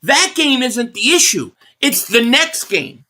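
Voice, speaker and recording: Angry guy on a live stream, cussing and hammering the same point, voice jumping all over, bright and punchy. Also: extremely high pitch, very animated, slow. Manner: furious, blunt, swearing, repeats his points. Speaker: live stream host reacting to a football game. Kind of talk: angry live reaction rant, reading viewer messages.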